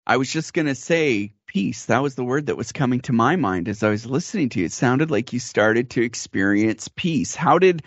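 A man's voice: medium pitch, no echo, highs cut off. A man hosting an interview, responding attentively and asking questions. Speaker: interview host.

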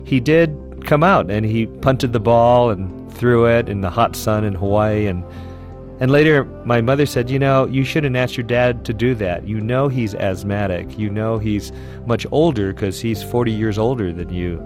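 A man's voice: on the low side, moderate pace, faint music behind. A man sincerely recalling a fond childhood memory. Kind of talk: personal reminiscence.

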